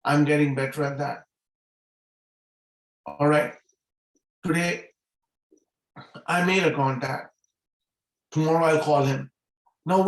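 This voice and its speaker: A middle-aged man delivers a motivational talk over a video call. His voice sits a little high and he hammers home points by repeating key phrases. The sound is echoey, as from a bare room. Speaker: guest speaker at a business meeting.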